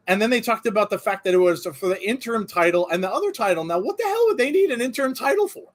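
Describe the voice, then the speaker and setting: A man hosting a live wrestling watch-along, chatting casually and rambling with frequent laughter. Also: high voice. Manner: animated, rambling, laughs often. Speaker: host.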